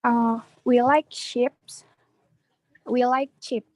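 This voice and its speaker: A woman student reads practice words aloud over a video call. Her voice sits a little high and stays flat, and she goes word by word at a very slow pace. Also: no room sound.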